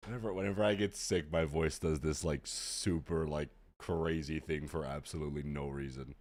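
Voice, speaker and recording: A man streaming a game live, sick, with an unusually deep and rough voice, chatting in slangy, exasperated asides to his viewers. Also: fairly even intonation, moderate pace, a little mellow. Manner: slangy, exasperated, talks straight to chat. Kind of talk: casual live-stream chat.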